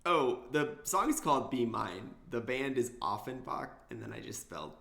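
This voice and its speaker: A man's voice: medium pitch, sing-song, normal speed, creaky, a bit bright, reverberant. A young man co-hosting a casual podcast, laid-back and rambling, full of fillers and easy laughter. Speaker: podcast co-host. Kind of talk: casual chat.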